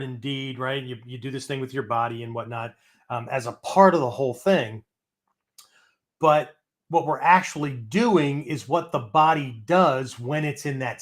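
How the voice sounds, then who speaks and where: A man's voice: medium pitch, a bit bright. A man hosting a martial arts philosophy show, teaching in a loose, conversational way that tags nearly every point with "right?" or "okay?". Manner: acts out angry voices and breathing as demonstrations. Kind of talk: casual teaching talk.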